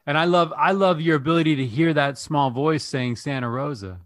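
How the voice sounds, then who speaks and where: A man's voice: a little high, fairly quick, fairly bright tone, no room sound, studio quality. A man co-hosting a podcast who chats casually with a guest, telling stories with an upbeat manner and laughing easily. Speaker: podcast co-host. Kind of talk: casual interview chat.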